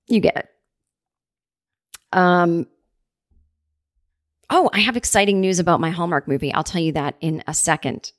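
A woman's voice: lowish voice, measured pace, long pauses, no echo, studio quality. Chatty woman telling home stories. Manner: chatty, animated, acts out quoted people. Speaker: podcast host. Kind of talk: casual solo storytelling. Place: home apartment.

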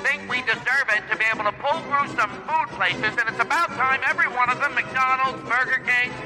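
Man playing a crude bullying mayor, high-pitched voice, blunt insults, music underneath. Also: fairly quick, poor audio. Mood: speechifying. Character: brash foul-mouthed male city mayor, insulting. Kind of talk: improvised comedy sketch.

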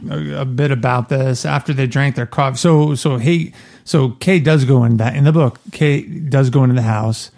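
A man's voice: mid-range voice, steady tone, normal speed, creaky, a little mellow. A man co-hosting a casual chat, reading book passages aloud and chuckling often. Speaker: podcast co-host. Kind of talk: casual chat about a novel.

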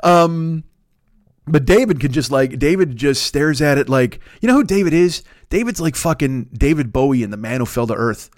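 A man in his fifties, a podcast host rambling through a profane, animated casual monologue. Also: fairly high pitch, normal speed, no room sound, clean studio sound. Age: 50s.

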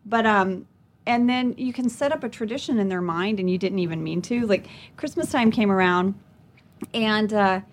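A woman's voice: medium pitch, normal speed, a little hiss or hum. A woman in her forties, from Louisiana, telling a funny story in casual chat and acting out the quotes. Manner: animated storyteller, acts out quotes.

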